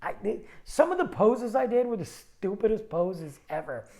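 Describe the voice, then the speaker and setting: A man hosting a podcast, telling a personal story in a rambling, animated way, often cutting himself off mid-sentence. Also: high-pitched, moderate pace, creaky. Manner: rambling, animated, self-interrupting. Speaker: podcast host. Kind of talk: casual storytelling monologue.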